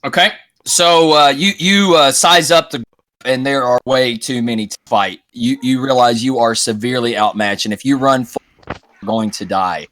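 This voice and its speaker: A young man acting as game master, narrating a tabletop game in a casual, halting way. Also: medium pitch, a bit bright, dry recording, rough recording.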